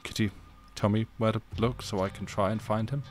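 A man's voice: on the low side, steady tone, fairly quick, natural voice. A man reading the lines of a grieving young man whose father has died, in his own plain voice without any accent. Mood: earnest. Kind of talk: reading game dialogue aloud.

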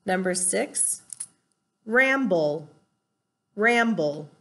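Her voice is medium-pitched, expressive, and a bit bright, and she speaks extremely slowly. The teacher patiently explains spelling rules step by step in a recorded lesson, spelling words out one letter at a time.

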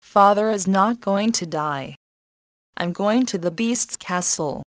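A woman's voice: medium pitch, takes it slowly, dry recording, close to an everyday voice. Woman reading as a brave kind young girl. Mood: firm.

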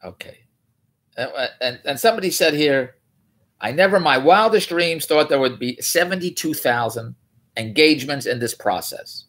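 Fairly high in pitch and a bit bright, the male vlogger's voice is expressive at a moderate pace. He pokes fun at a news article in an incredulous, meandering riff, frequently stopping to correct himself.

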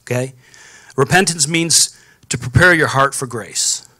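Bright-voiced man preaching a sermon. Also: mid-range voice, a little slow, no echo, clean studio sound. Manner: calls out to the congregation for responses. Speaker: pastor. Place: church sanctuary.

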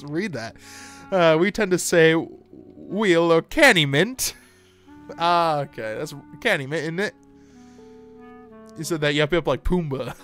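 A man's voice: a little high, fairly bright tone, clear, resonant tone. An American man streaming live, chatting casually and playfully with his chat, reading comments aloud and laughing often.

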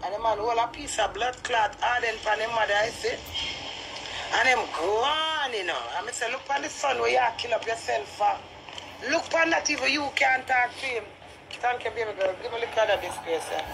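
A woman's voice: fairly high pitch, brisk, creaky, background noise. A Jamaican woman ranting heatedly to camera, cursing freely in patois. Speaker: vlogger. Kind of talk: ranting street vlog.

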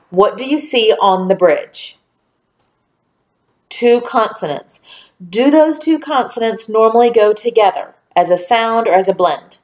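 A woman teaching a recorded phonics lesson to young children, speaking slowly and clearly and praising answers. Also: mid-range voice, echoey room.

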